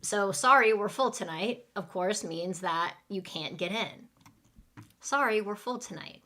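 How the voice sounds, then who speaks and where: A woman teaching English in a live online class, speaking slowly and clearly and acting out restaurant phrases for learners to repeat. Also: medium pitch, pushed and bright. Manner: slow, clear teaching delivery with role-play lines.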